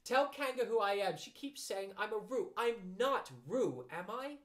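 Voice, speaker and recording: A man reading a storybook aloud and voicing a timid small male piglet, high and squeaky, flustered and sputtering. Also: sing-song, moderate pace, reverberant. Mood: indignant.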